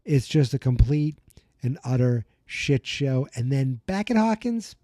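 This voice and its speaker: Chatty mellow-voiced male podcaster. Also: mid-range voice, a little slow, no echo, studio quality. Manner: chatty, animated storytelling. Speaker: podcast host. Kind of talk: casual episode recap.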